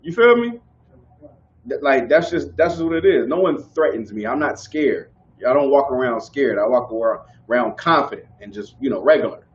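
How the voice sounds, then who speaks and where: A man teaching a group in casual preaching style, animated and conversational, often asking whether listeners follow. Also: mid-range voice, normal speed, muffled recording, a little hiss or hum. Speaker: street teacher.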